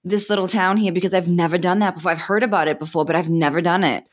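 A woman's voice: lowish voice, steady tone, fast talker. A woman in her forties from Boston, with a Boston accent, chatting wryly as a podcast guest. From Boston, Massachusetts. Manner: chatty, wry and joking. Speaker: guest, dating podcaster and author. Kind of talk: casual interview chat.

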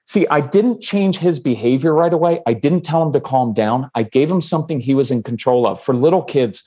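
A man speaking as a guest on a parenting podcast. His voice sits at a medium pitch, and he talks calmly and steadily while walking through practical examples. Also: fairly quick, slightly rough. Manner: calm, steady, gives examples with acted quotes. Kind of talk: casual podcast interview.

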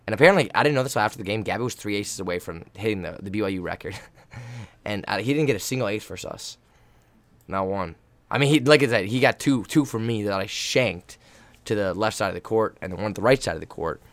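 A young man, a college volleyball player, telling a game story in a casual, hyped way, laughing often and acting out his own yelling. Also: on the low side, fast, no room sound.

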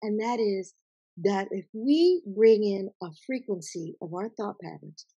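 A woman author talking as an interview guest, telling her story in an emphatic, animated way. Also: mid-range voice, unhurried, husky, muffled recording. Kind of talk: conversational interview.

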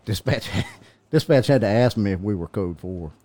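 Low-voiced man, mellow and dark, chuckling police officer spinning a rambling story. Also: expressive, normal speed, dry recording. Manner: chuckling, meandering anecdote-telling. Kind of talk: casual storytelling chat.

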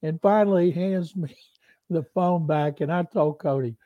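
A man co-hosting a sports podcast tells a long anecdote with gusto, slipping into other people's voices as he goes. His voice sits a little high. The sound is dry and a bit muffled. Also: normal speed, dry recording. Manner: animated storyteller, mimics voices in quotes. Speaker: beat reporter and co-host.

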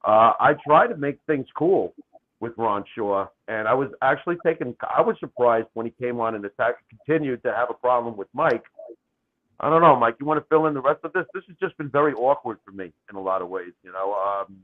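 A man's voice: mid-range voice, animated, a little fast. A man appearing as a guest on a podcast over a call, joking in a theatrical, casual way. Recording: tinny phone-like call line.

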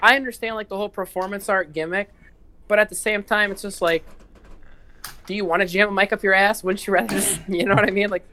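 A man's voice: high-pitched, steady tone, fast, pushed and bright, a little hiss or hum. Rambling, foul-mouthed guest man. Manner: rambling, profane, heavy use of "like". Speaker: guest musician. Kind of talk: casual podcast chat.

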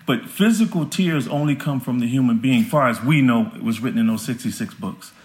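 A man's voice: mid-range voice, brisk. A man guest on a podcast interview, talking earnestly and with heartfelt fervor.

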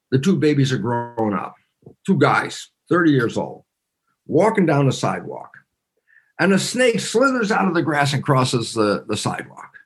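Animated older man telling anecdotes. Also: a little high, gravelly, slightly rough. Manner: acts out voices in anecdotes, exclaims. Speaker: guest. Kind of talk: animated interview storytelling.

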